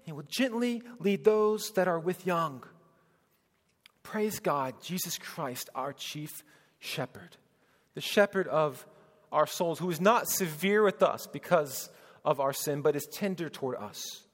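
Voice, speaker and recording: A man preaching a sermon as pastor, swinging between loud proclaiming and hushed, tender speech. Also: on the high side, lively intonation, moderate pace. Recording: long hall reverb.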